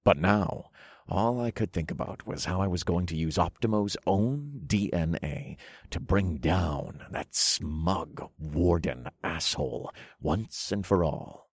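A smug, deep-voiced supervillain. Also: male voice, lively intonation, takes it slowly, husky, dry recording, clean studio sound, exaggerated voice. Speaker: first-person narrator. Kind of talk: audiobook narration.

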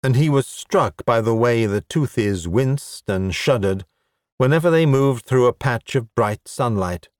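A male audiobook narrator reading at an unhurried pace with a wry, even delivery. His voice sits close and dry, with no room sound around it. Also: medium pitch, no echo. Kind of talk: scripted narration.

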